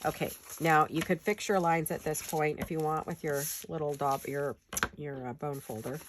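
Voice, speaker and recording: A woman's voice: low voice, steady tone, moderate pace, a little hiss or hum. A woman with a stuffed-up nose from a head cold gives a chatty, rambling, self-deprecating paper-craft tutorial in her home studio.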